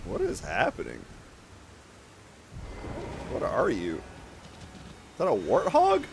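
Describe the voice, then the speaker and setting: A man's voice: medium pitch, huge pitch swings, slow pace, creaky, background noise. A man streaming a game, reacting with playful, joking commentary.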